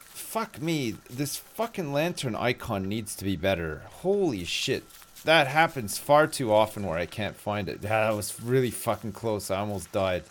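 A man's voice: lowish voice, lively intonation, measured pace, slight background noise. A man streaming a survival game live, chatting to his viewers in a joking, self-mocking way and swearing freely. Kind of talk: live gameplay chat.

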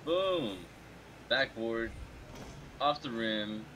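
A man's voice: medium pitch, lively intonation, drawn-out words, bright, forceful tone, a little hiss or hum, poor audio. Drunk young man trash-talking while gaming. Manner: profane, laughing, trash-talking teammates. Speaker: game streamer. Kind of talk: casual gaming chat.

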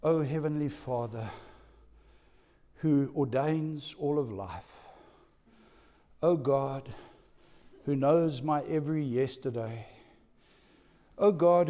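A man's voice: mid-range voice, dark tone, voice pushed down, close to an everyday voice. A man acting out the apostle Peter, slipping between a pompous prayer and a desperate plea, heard with long reverb. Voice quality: pompous, then pleading. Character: the apostle Peter, grown man, impulsive and indignant.

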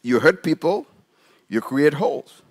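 Animated pastor preaching a sermon. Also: male voice, on the high side, a little slow, slightly rough. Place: church sanctuary.

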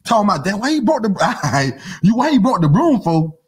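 A man hosting a comedy podcast, delivering an animated, profane rant that keeps breaking into mock voices and sing-song chanting. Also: high voice, normal speed, husky. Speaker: podcast host.

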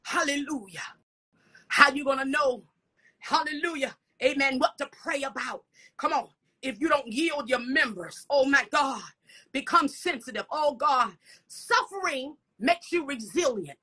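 A woman's voice: sits high, unhurried, sharp tone. A woman preaching a fervent sermon, punctuating her words with "come on" and "hallelujah" and dropping at times into whispered asides.

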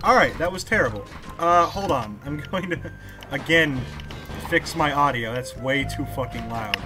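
A young man hosting a gaming video, joking with a friend in loud, profane banter. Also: fairly high pitch, expressive, moderate pace, music in the background. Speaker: gaming channel host. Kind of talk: casual gaming chat with a friend.

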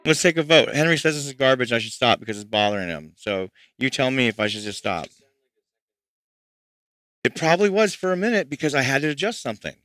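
A man's voice: mid-range voice, very animated, fairly quick, a bit bright, no room sound. A man chatting to his livestream audience while mixing music at home, frustrated and rambling as he works through problems. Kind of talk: casual livestream chat. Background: faint music playback.

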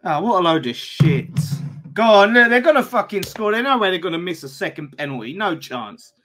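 A man on a fan watch-along reacts loudly to every moment of the match, excitable and full of swearing. His pitch swings widely, and his voice has a bright, forward tone. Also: a little fast, soft background music. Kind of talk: live watch-along commentary.

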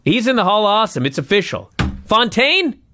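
A man co-hosting a casual wrestling recap podcast, excitable and profane, often laughing. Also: sits high, a little fast, a little hiss or hum. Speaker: podcast co-host.

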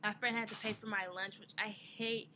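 A woman's voice: mid-range voice, fairly even intonation, normal speed, background noise. A young woman in a casual vlog, telling an exasperated story about her day with a lot of swearing. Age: young adult. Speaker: vlogger.

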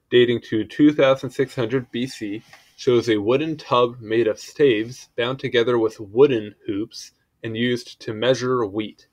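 A man reading an encyclopedia article aloud in a casual way, stumbling over words and adding offhand asides. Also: mid-range voice. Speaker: article reader.

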